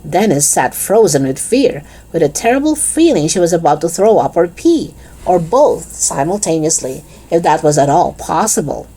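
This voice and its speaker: A woman reading a children's chapter book aloud in an expressive, lively storytelling manner. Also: on the low side, moderate pace, breathy edge.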